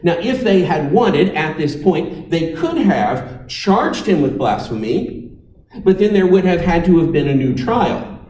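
A man preaching a sermon with emphatic, dramatic pauses, now and then inviting listeners to repeat after him. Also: fairly high pitch, very animated, a little mellow, echoey room, distant mic, rough recording.

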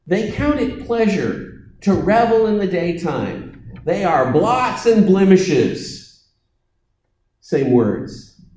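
A man preaching a sermon, telling stories and acting out voices with dramatic pauses. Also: on the high side, mellow, roomy sound, poor audio.

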